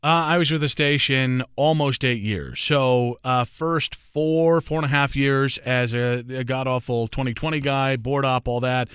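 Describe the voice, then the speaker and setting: Animated man with a bright crisp voice. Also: mid-range voice, dry recording, studio quality. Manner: animated, quick storyteller. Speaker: guest, sports radio host. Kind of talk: casual interview chat.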